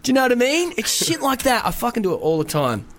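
Young aussie bloke hosting radio, voice jumps all over, tells stories acting out everyone, swears a lot, faint hum behind. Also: male voice, very high voice, quick pace. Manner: animated storytelling, acts out other voices, swears freely. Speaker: radio host. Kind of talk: casual radio chat. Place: radio studio.

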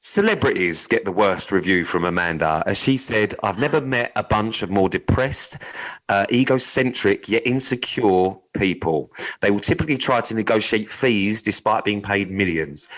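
A man's voice: lowish voice, normal speed, a bit bright, low-quality recording. A man co-hosting a podcast, chatting casually and reading odd news items aloud in a blunt, joking, sweary way. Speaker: podcast co-host.

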